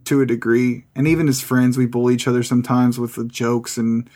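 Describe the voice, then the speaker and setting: A man of ordinary pitch tells a story from his school days in a relaxed, profane way. He talks loosely, with friendly filler, as he chats with a fellow host. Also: a little fast. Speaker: podcast guest co-host. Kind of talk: casual chat.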